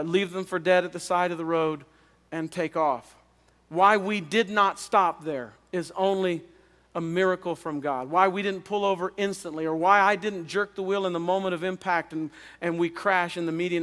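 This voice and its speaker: A man, a pastor, preaching a revival sermon as an earnest personal testimony, often halting and repeating words. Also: high voice, a bit bright, smooth. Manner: earnest storytelling with halting restarts. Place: chapel. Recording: long reverb of a chapel.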